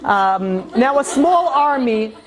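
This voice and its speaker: A man's voice: extremely high pitch, slow pace. A rabbi telling a parable in a casual lecture, with lots of "you know" as he goes. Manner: casual, animated retelling full of "you know". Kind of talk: storytelling lecture.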